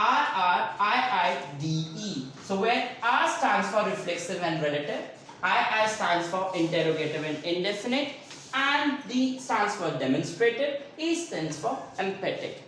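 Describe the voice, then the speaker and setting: A woman teaching an online grammar lesson, repeating key words and often checking whether students are clear. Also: mid-range voice. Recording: echoey room, distant mic, faint noise.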